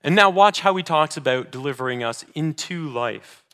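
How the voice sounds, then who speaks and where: A man preaching a sermon as pastor, earnest, moving between emphatic declarations and hushed, slower readings of scripture. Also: a little high, animated. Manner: reads scripture slowly and deliberately.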